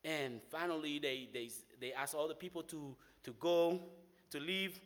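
Haitian guy sharing his faith story, lively and chatty, a bit high pitched, big echoey hall. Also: moderate pace. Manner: animated storytelling, often says "man". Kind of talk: personal faith testimony. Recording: long hall reverb.

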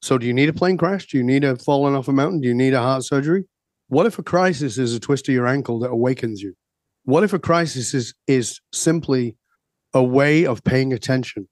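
A man's voice: mid-range voice, fairly quick, a little mellow, no room sound. A man in an interview, a coach telling stories and asking rhetorical questions. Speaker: guest coach. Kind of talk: podcast interview talk.

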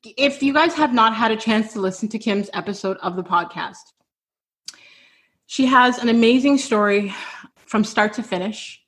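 A woman's voice: fairly high pitch, normal speed. Effusive woman hosting a video call. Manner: effusive, tearful, warm affirmations. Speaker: podcast host. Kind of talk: emotional virtual event hosting.

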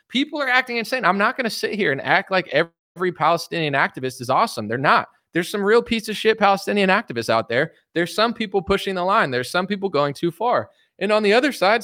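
A young man talking in a loose, rambling, sarcastic way about politics, his voice sitting a little high for a man. The sound is close and dry, with no room around it. He keeps circling back with filler words as he rants. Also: bright, forceful tone, no echo. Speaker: political commentary host. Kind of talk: casual political rant.

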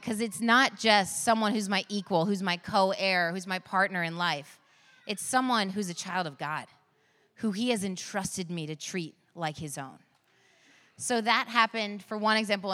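A woman's voice: mid-range voice, sharp tone. Earnest woman preaching in a hall. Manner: earnest, storytelling, laughs at her own stories. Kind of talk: sermon. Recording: long reverb of a large hall.

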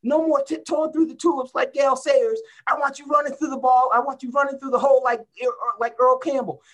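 A man acting out his old college football coach, who yells, growls and cusses at a player. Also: very high-pitched, fairly even intonation, a little fast, pitched above the performer's own voice. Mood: furious yelling. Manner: growling, yelling, cussing.

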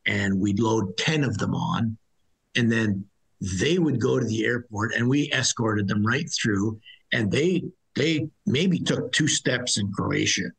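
A man's voice: fairly low pitch, gravelly, fairly bright tone, breathy edge, rough recording. A middle-aged man, a former soldier as interview guest, telling his story bluntly and ramblingly, with many restarts. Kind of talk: conversational storytelling.

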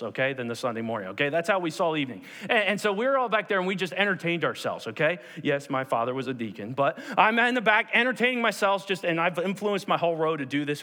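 A man delivers a sermon from the front of a church, his voice pitched a little high and carrying a long reverb through the room. He tells a personal story with animation, slipping into the voices of the people he quotes and checking in with the congregation as he goes. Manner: animated, acts out quoted voices, repeats "okay?". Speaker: pastor. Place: church sanctuary.

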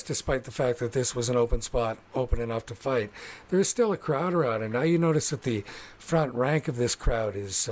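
A man narrating a tabletop game as game master, descriptive and rambling with fillers. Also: mid-range voice.

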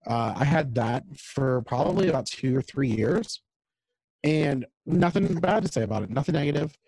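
Man, gravelly voice, dry close mic, rambling casual podcast chat. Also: mid-range voice, moderate pace, no echo, rough recording. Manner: rambling, animated, chatty. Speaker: podcast co-host. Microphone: home mic over video call.

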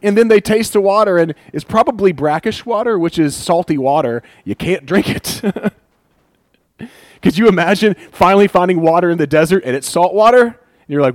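A man preaching in a drawl, talking to his congregation like a friend and acting out the voices of complainers. His voice sits a touch high for a man and sounds close and dry, with little room around it. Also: moderate pace, dry recording. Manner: animated, acts out voices of complainers with laughs. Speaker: pastor. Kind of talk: conversational sermon.

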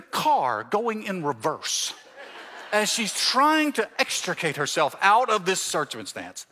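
A pastor from the Mississippi Gulf Coast preaching a sermon, telling stories and acting out the dialogue in them. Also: male voice, sits high, wildly swooping pitch, slow, pushed and bright. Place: church sanctuary.

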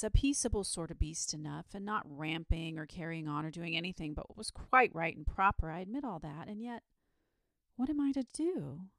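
A woman's voice: fairly low pitch, gravelly, no echo, clean studio sound. A woman doing a frightened country shepherd. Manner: agitated, rustic country speech. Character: frightened rustic male shepherd, middle-aged.

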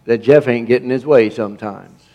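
A man's voice: mid-range voice, normal speed, warm tone. A middle-aged man pastor preaching a sermon with emphasis, stumbling over restarts and asking the congregation for amens.

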